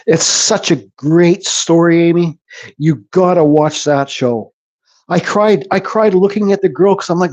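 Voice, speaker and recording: A man's voice: a little high, normal speed, darkish tone. A middle-aged man from Canada hosting a woodcarving channel, chatting casually and bluntly with live viewers, rambling and swearing freely. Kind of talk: casual chat to live viewers while carving.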